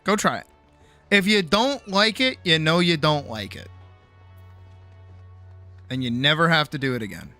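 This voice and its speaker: Tired, bright-voiced late-night streamer, swearing. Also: male voice, on the high side, animated, normal speed, long pauses, soft background music. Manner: rambling, swears freely, self-mocking. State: tired, sore jaw. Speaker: streamer and animator. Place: home streaming setup.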